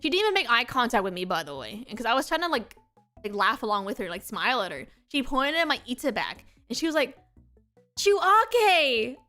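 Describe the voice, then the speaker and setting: A young woman chatting on a casual stream, excitable and rambling, with many "like"s. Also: a little high, quick pace, soft background music. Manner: excitable, rambling, heavy use of "like". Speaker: VTuber streamer.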